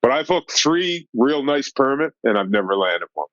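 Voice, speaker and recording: Lively storytelling man, dull dry sound. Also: medium pitch, normal speed, dry recording. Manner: animated, acts out dialogue with lots of "like" and "right?". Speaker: fly fishing guide. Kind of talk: casual podcast storytelling.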